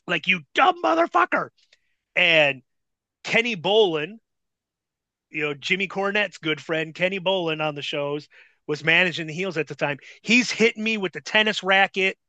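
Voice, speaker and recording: A man, a former wrestler, casually telling a profane, animated story as a podcast guest. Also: high-pitched, dry recording.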